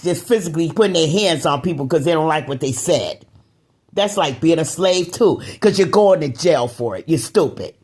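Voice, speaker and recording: Woman vlogger, talking straight to camera, gets riled up and emphatic, leans on repetition. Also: slightly rough. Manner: excitable, emphatic, swings between low muttering and raised outbursts; repeats words for emphasis. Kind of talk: casual monologue to camera.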